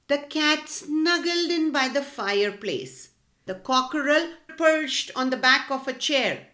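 A woman's voice: high voice, a bit bright. A woman narrating a children's storybook expressively, speaking to the children directly. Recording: echoey room.

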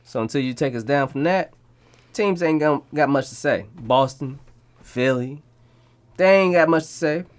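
A man doing an impression of a boastful basketball player, with a lower, quieter and smug delivery. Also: moderate pace, lightly acted.

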